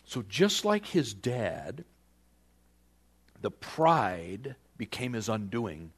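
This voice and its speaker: A man preaching a sermon, retelling a scripture story with animated storytelling and questions put to the listeners. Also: medium pitch, extremely slow, husky. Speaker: pastor.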